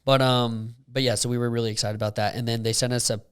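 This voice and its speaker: A young man co-hosting a casual podcast, talking in a rambling way with lots of fillers and getting animated when he retells a story. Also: medium pitch, fast talker, clear, resonant tone. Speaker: podcast co-host. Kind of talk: casual chat.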